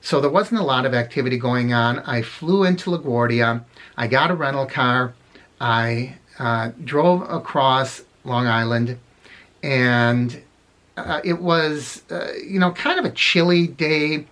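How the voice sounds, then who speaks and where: A man's voice: mid-range voice, measured pace, fairly bright tone. A middle-aged man casually telling funny anecdotes, rambling and correcting himself as he goes. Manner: rambling, self-correcting, chuckles at his own stories. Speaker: storyteller vlogger.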